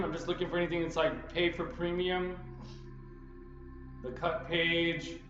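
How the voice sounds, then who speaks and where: Chatty man, roomy room, music behind. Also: high voice. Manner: chatty, digressive, loose and unpolished. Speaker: real estate group admin making a tutorial. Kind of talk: casual rambling screen-recording vlog. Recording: roomy, slightly dull sound with music behind.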